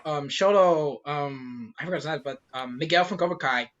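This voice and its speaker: A man co-hosting a casual podcast, animated and laughing often, swearing and filling gaps with "um" and "like". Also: on the high side, moderate pace. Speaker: podcast co-host. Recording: muffled lo-fi recording.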